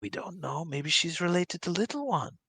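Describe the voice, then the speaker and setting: A man playing a tabletop role-playing game, talking earnestly about his character's plans in halting, restarting sentences. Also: fairly high pitch, lively intonation, a bit bright, slightly rough. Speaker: tabletop player. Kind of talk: casual in-character table talk.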